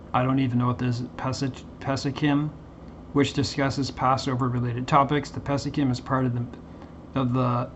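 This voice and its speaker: Man, mid pitch, flat and halting, reads aloud and comments; muffled lo-fi recording with light hiss. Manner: halting, reads haltingly with many fillers and restarts. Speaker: Bible commentary vlogger. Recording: dull lo-fi recording with faint background hiss.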